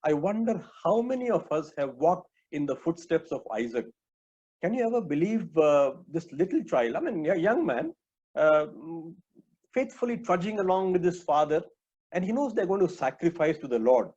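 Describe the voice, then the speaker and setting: Earnest preacher, slightly high voice. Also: male voice, big pitch swings, moderate pace, darkish tone, husky. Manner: earnest, addresses listeners as my friends, frequent uh fillers. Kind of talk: sermon. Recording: dull lo-fi recording.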